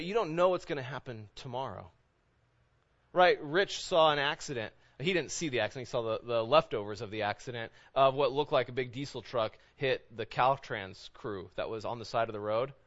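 Man in his thirties preaching, lo-fi. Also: fairly high pitch. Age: 30s. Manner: conversational preaching, rhetorical questions. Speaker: pastor. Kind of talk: sermon.

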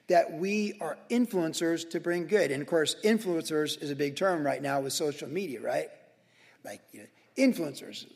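A man in his sixties preaching a sermon, telling everyday stories in a loose conversational way with quick asides. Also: fairly high pitch, animated, vocal fry, a little mellow. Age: 60s. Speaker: pastor. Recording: long hall reverb.

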